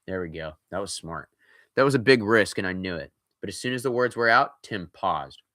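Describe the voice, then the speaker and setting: A man's voice: deep voice, animated, fairly quick, pushed and bright, no room sound, studio quality. A man reading a scary story aloud, breaking in with casual, joking asides.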